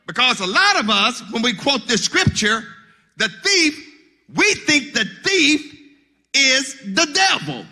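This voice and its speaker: A man preaching a sermon as pastor, building to shouted, sung calls. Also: very high-pitched, sing-song, slow.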